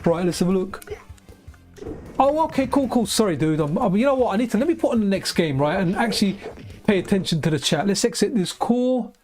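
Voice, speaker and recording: A man with a light, high voice he calls feminine, rambling casually on a live stream while he plays, often asking "right?". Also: expressive, fairly quick, a little mellow. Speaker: game streamer. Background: faint game music.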